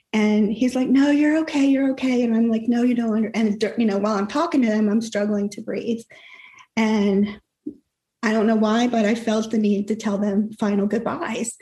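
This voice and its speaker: A woman's voice: mid-range voice, little pitch movement, normal speed, warm tone, roomy sound. A middle-aged woman recounting a frightening personal experience in an interview, earnest and emotional, often quoting her own thoughts. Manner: earnest, emotional retelling with quoted inner thoughts. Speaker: guest telling her story.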